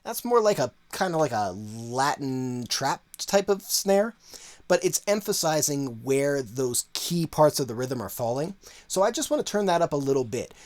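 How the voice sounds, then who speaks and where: A man's voice: mid-range voice, normal speed. Casual man explaining mixing moves. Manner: relaxed, conversational, lots of fillers like "kinda" and "like". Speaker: audio engineer teaching mixing. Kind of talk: casual tutorial walkthrough.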